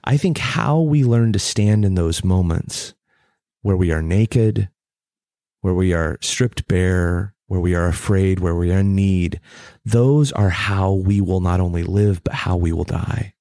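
Deep gravelly man telling a story. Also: a little slow, mellow, no echo, studio quality. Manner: earnest, reflective, intense. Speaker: guest, teacher and speaker. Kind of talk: personal storytelling in conversation.

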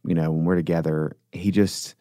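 A man's voice: deep voice, steady tone, normal speed, warm tone, dry recording, clean studio sound. A man talking earnestly and reflectively in a casual conversation, rambling with frequent restarts and fillers.

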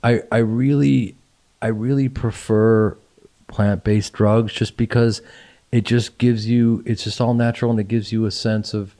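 A man in his fifties hosting a podcast, talking in a casual, halting and self-deprecating way with frequent restarts. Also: fairly low pitch, steady tone, warm tone. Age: 50s. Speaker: podcast host. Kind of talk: casual chat.

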